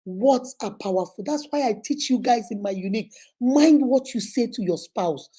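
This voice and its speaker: Emphatic Nigerian woman hosting a motivational advice talk, mellow tone. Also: a little high, animated, normal speed, breathy edge. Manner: emphatic and repetitive, preacher-like. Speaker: relationship advice host.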